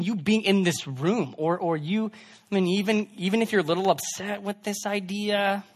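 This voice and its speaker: Young male preacher, high voice, casual sermon delivery with loud peaks and soft asides. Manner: conversational preaching, swings between loud emphasis and hushed asides. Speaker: pastor.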